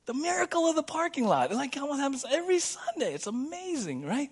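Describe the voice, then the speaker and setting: A man preaching a sermon as pastor in a church, playful and animated, acting out little scenes for the congregation. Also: extremely high pitch, fast talker, hardly any pauses. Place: church sanctuary.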